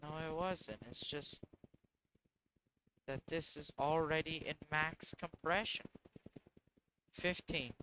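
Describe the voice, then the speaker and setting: A man hosting a gaming channel, talking through a build and scolding the game out loud when it misbehaves. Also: fairly high pitch, fairly even intonation, slow, long pauses. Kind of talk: casual gameplay commentary. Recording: dull lo-fi mic with faint hiss.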